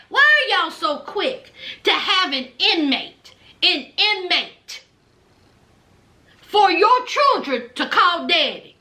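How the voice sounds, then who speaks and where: A woman's voice: very high voice, very animated, slow pace, pushed and bright. A woman, recapping a reality show in a blunt, sassy way to her viewers. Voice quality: thick accent. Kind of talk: casual recap vlog.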